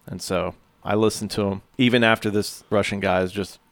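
A man co-hosting a podcast, telling a tall tale in a laid-back, deadpan way and chuckling between lines. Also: fairly low pitch, fairly quick, gravelly, no room sound. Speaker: podcast co-host. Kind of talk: casual chat, deadpan tall-tale storytelling.

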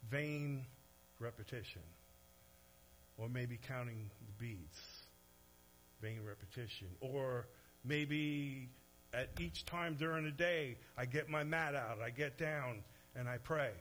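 A male pastor preaching in a mid-pitched voice, animated and shifting between hushed and forceful passages. He drops into casual asides to his congregation. A faint hum runs underneath. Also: slow pace, low-quality recording. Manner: animated preaching, swinging from soft to loud; conversational asides to the audience. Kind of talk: sermon.

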